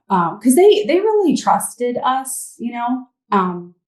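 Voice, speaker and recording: A woman's voice: a little high, very animated, takes it slowly, reverberant, poor audio. A woman, as an interview guest, sharing her personal testimony in a candid, rambling way.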